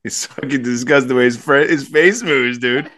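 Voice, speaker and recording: A man's voice: mid-range voice, moderate pace, a bit bright. A man co-hosting a podcast, chatting casually with crude, laughing banter. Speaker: podcast co-host. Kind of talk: casual chat.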